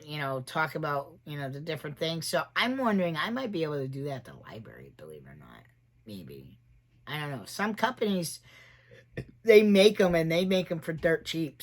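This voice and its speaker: This host, a trans man in his forties, rambles through a casual livestream chat and laughs a lot at his own jokes. His voice is on the high side and a bit bright.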